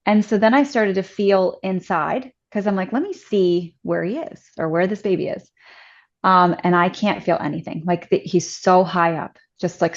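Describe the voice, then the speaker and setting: A woman guest on a podcast, telling a personal story in a chatty, casual way, full of "like" fillers and lively acted-out quotes. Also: on the low side, lo-fi sound.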